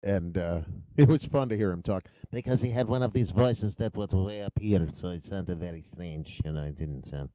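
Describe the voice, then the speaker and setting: A man's voice: sits low, normal speed, few pauses, warm tone, dry recording, rough recording. A man co-hosting a talk show, explaining things in casual chat and trailing off at the ends of phrases.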